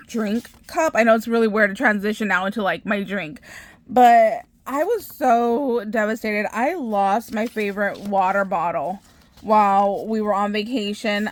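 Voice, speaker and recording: A woman hosting a craft channel, telling a story in a chatty, animated way with frequent laughs and filler words. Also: medium pitch, no room sound. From Southern California. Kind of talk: casual storytelling vlog.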